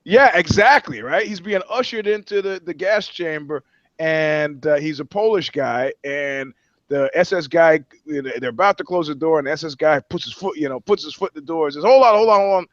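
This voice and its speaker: A man's voice: on the high side, moderate pace, a bit bright, no echo, lo-fi sound. A man co-hosting a comedy podcast, rambling through profane, joking riffs. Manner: rambling, profane, riffing with voices and jokes. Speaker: podcast co-host. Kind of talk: casual comedic chat.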